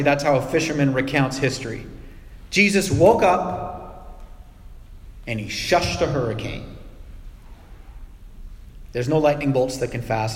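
A pastor preaching a sermon, conversational and teaching, with dramatic pauses and hushed, soft asides. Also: male voice, medium pitch. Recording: long hall reverb.

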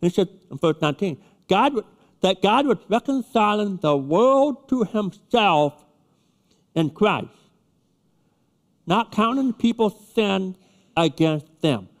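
A man's voice: high-pitched, lively intonation, slow pace, pauses often. A man preaching a sermon to his church, emphatic and repeating his key words. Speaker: pastor. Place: church sanctuary. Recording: long reverb of a church hall.

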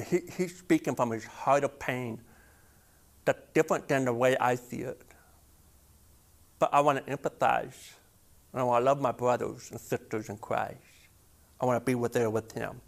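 Guy preaching a sermon, medium voice, gets loud and fired up at the big points. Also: medium pitch, fairly even intonation, unhurried, creaky, long pauses. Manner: impassioned, rising to emphatic peaks, repeats words. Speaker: pastor.

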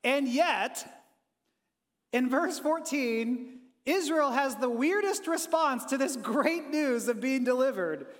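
A pastor giving an energetic, conversational sermon and talking with his congregation in a church. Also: very high voice, slow, big-room sound.

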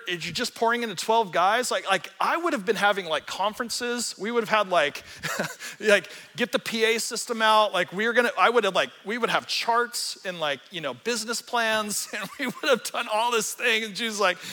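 A man pastor preaching a sermon with storytelling, animated and joking, acting out quotes in the story. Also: high voice, moderate pace. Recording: church hall reverb.

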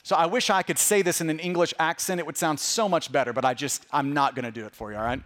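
High-voiced man preaching a sermon. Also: quick pace. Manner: animated, repeats words when starting sentences. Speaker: pastor.

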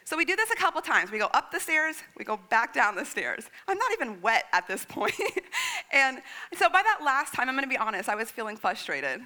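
A woman's voice: high-pitched, sing-song, brisk, sharp tone. A woman in her thirties preaching a sermon, telling stories expressively and acting out her child's lines. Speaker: pastor.

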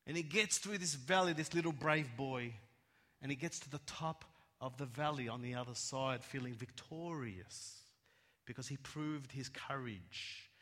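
Emphatic preacher in an echoing hall. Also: male voice, on the high side. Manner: emphatic, repeats words, swings from loud to hushed. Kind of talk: sermon. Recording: echoey hall, long reverb.

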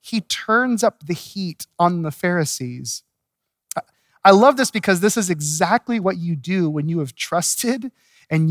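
A pastor preaching an expository sermon, telling the story in a lively way and chuckling at the text. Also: male voice, high voice, no room sound, studio quality.

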